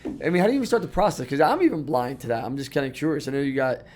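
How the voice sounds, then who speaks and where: A man's voice: medium pitch, very animated, very fast, a little mellow. Casual man asking loose questions. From United States. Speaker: podcast host. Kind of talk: casual interview talk.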